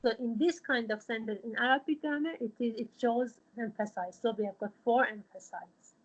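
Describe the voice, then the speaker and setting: A woman, teaching a religious studies class over a video call and explaining patiently in a halting way, full of fillers. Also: a little high, dull audio.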